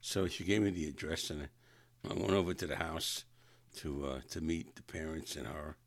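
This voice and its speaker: A man's voice: very deep voice, normal speed, vocal fry, no echo. A man casually telling rambling personal anecdotes, often correcting himself mid-sentence. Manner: rambling, self-correcting, chuckling. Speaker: storyteller.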